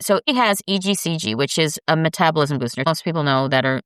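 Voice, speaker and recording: A middle-aged woman hosts a podcast, speaking casually but earnestly to her viewers about health and weight loss, coaching them and calling them "guys." Her voice is deep, fast, a bit bright and smooth, captured as clean studio sound with no room sound.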